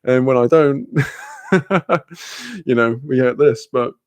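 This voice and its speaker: Taking it slowly in an animated, medium-pitched voice, this man from Wales runs a livestream and casually reads out the chat. He's relaxed, laughs a lot, and swears without restraint; there's no echo.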